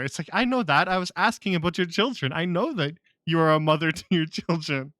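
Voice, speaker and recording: A man's voice: on the high side, lively intonation, a little fast, hardly any pauses, sharp tone, dry recording, studio quality. A man streaming a game live, with sarcastic, joking commentary and frequent laughs.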